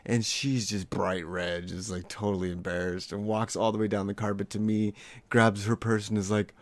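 Low-voiced man telling a story. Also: moderate pace, no echo. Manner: animated storyteller, quoting others. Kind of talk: casual chat.

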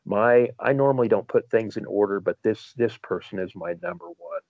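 A man's voice: lowish voice, moderate pace, vocal fry, darkish tone, dry recording, highs cut off. A man co-hosting a podcast, rambling through stories in casual chat and often restarting his sentences. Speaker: podcast co-host.

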